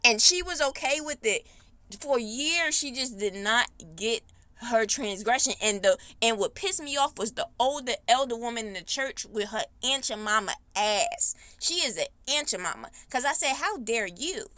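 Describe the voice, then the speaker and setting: A woman hosting a podcast, telling a personal story in a blunt, heated, animated way with speech. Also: on the high side, normal speed, no room sound. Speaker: podcast host. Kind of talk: casual storytime monologue.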